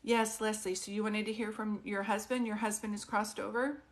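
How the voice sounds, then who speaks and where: A woman working as a psychic medium on a live stream who talks softly and gently, keeps asking questions, and speaks in a casual, chatty way. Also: medium pitch, flat delivery, normal speed. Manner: soft, consoling, often asks questions.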